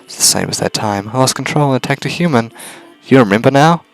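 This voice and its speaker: A man voicing an emotionless young female robot in a game reading, speaking flatly and formally. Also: medium pitch, fast talker, vocal fry, voice pushed up. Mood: blank. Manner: flat, formal, detached. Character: small emotionless girl robot, calm.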